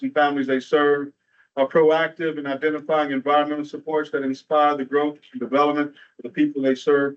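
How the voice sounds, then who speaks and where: A man from Atlanta giving a motivational, storytelling keynote at a training event, with a rhythmic delivery and rhetorical asides. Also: mid-range voice. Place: large room at a training event. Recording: muffled, distant from the mic.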